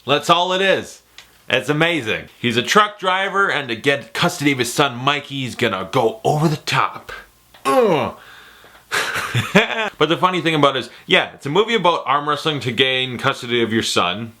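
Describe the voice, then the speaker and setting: A man giving a casual, jokey movie ranking, excitable and profane. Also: medium pitch, normal speed. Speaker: movie reviewer.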